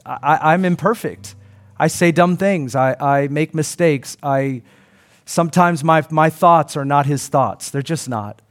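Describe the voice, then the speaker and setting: Middle-aged male pastor, slightly high-pitched, relaxed conversational sermon delivery. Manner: conversational, earnest, acts out quoted voices.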